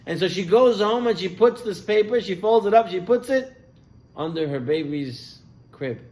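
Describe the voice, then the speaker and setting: A rabbi with a high, light male voice tells stories to his congregation. He speaks animatedly, climbing for the dramatic moments and dropping low and soft for the quiet ones. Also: normal speed. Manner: animated storyteller, voice rising and falling with the tale. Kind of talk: sermon storytelling.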